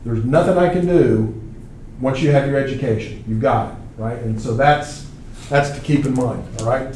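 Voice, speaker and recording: A man's voice: medium pitch, normal speed, darkish tone, a little hiss or hum. A man in his forties from Arkansas, lecturing a college class conversationally and asking them questions. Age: 40s. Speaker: college instructor. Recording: echoey classroom from a distance.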